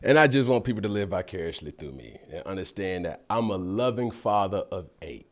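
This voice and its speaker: A man in his thirties with a Southern American accent, hosting a podcast and telling a profane, animated story, laughing often. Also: low-pitched, brisk. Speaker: podcast host. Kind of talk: casual storytelling.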